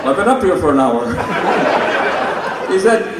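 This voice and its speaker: A man's voice: high-pitched, lively intonation, moderate pace, pauses often, a bit bright. A man telling jokes on stage at a benefit and teasing people in the audience. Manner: teasing, jokey, ribs audience members. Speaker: stand-up comedian at a benefit. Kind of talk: live stand-up joke telling. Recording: echoey hall, far from the mic, crowd noise.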